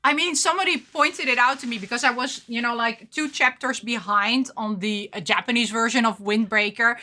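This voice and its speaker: A woman vlogger chatting casually while unboxing figures, excitable and gushing, often gasping and laughing. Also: fairly high pitch, fairly quick. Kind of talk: casual chat.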